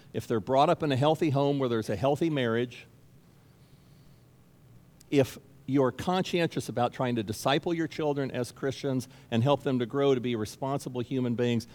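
A man's voice: medium pitch, a little mellow. A man preaching a sermon as pastor, speaking emphatically and repeating key phrases for stress. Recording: long reverb of a large hall.

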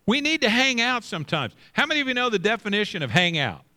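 A middle-aged male pastor preaches a sermon with emphasis, slowing down, repeating phrases, and dropping his voice low for scripture. His pitch swings widely, and his tone is pushed and bright.

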